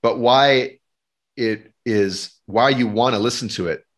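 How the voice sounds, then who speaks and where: A man's voice: mid-range voice, a little slow. A man hosting a podcast, explaining craft terms in a teacherly way with examples. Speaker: podcast host.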